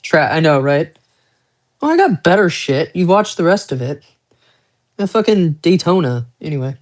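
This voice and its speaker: A man's voice: fairly high pitch, sing-song, normal speed, pauses often. A man who collects watches, talking casually on a live stream in a rambling, profane, self-mocking way, with chatty asides to viewers.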